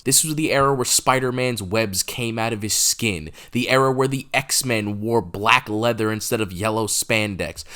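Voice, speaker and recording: A man in his twenties giving casual video commentary as a film reviewer, animated and opinionated, with exasperated rants. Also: fairly low pitch.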